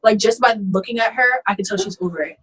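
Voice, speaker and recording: Blunt young woman with a husky voice. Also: fairly high pitch, fast, a bit bright, poor audio. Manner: blunt, opinionated, acts out other people's lines. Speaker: podcast co-host. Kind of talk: casual reality-TV recap chat.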